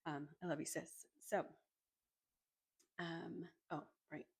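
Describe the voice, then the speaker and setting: A woman from Arizona tells her story straight to the camera in a loose, chatty way, filling her sentences with "like." Her voice sits fairly low and has a husky edge with a gravelly fry at the ends of phrases. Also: little pitch movement, slow pace. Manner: chatty, many "like" fillers, casual swearing. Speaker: energy healer and Reiki practitioner. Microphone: microphone in front of her.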